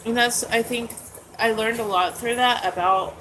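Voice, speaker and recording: A woman's voice: on the high side, steady tone, moderate pace, noisy background. A woman in her forties chatting candidly and casually as host, with many "like"s and "um"s. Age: 40s. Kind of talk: casual chat. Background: dogs nearby.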